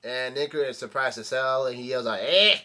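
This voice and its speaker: A man's voice: mid-range voice, steady tone, fairly quick, sharp tone. A man casually reading and recapping a comic chapter, stumbling and restarting often. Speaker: manga reaction channel host. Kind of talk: casual read-along recap.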